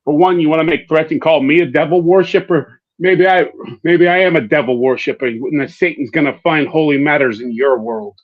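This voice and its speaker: A man's voice: a little high, a little fast. A man co-hosting a livestream, trading heated, profane threats and taunts. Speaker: co-host. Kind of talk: heated trash talk on a livestream. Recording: dull lo-fi stream audio.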